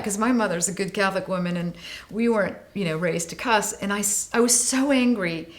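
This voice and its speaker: A woman's voice: mid-range voice, brisk. A woman in her late forties, a guest on an interview show, telling a story with lots of feeling, her voice rising and dropping with the tale. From United States. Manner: animated, vivid storyteller, voice rising and falling with the tale. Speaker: guest, animal welfare advocate.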